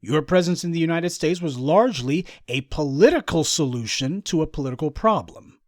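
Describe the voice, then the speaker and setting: A man's voice: fairly high pitch, animated, fairly quick, no room sound, clean studio sound. A man giving sarcastic political commentary on news clips, mocking the people he talks about. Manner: sarcastic, mocking, acts out voices of others.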